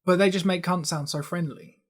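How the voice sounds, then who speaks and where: A man's voice: high-pitched, steady tone, fairly quick. A man co-hosting a casual chat, giggling often, swearing freely and mock-ranting for laughs. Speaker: podcast co-host.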